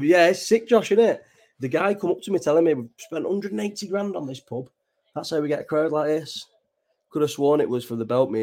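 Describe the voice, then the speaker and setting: A young man from England talks straight to his viewers in a late-night stream. His chat is loose and sweary, and he rambles with lots of restarts. His voice sits at a middling pitch for a man. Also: darkish tone. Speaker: livestream host. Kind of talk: casual chat.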